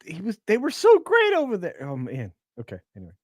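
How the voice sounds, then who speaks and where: A man co-hosting a live stream in casual chat, excitable and laughing a lot. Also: high voice, a little fast, dry recording, clean studio sound.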